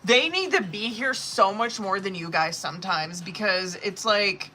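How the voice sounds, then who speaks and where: A woman reading tarot cards on a live stream, blunt and expressive, swearing freely as she talks the viewer through each card. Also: medium pitch, a little slow, few pauses, a little hiss or hum. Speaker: tarot reader.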